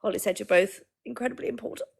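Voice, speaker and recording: A woman's voice: medium pitch, quick pace, vocal fry, darkish tone, slightly rough. A young woman co-hosting a live podcast stream, chatting casually and teasing her co-host. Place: indoors at a shared table.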